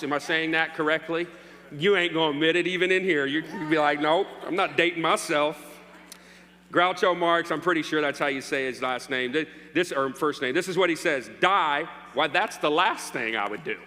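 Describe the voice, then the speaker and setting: A man's voice: on the high side, pushed and bright. A man preaching a sermon as pastor, joking playfully with his congregation. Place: church hall. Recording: long hall reverb, faint hum.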